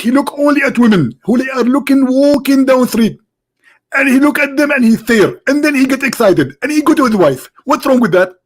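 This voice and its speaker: A man's voice: extremely high pitch, voice pushed up. A man doing a mocking impression of an indignant, self-righteous male preacher who scolds and huffs defensively. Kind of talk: mocking impression in a live-streamed debate.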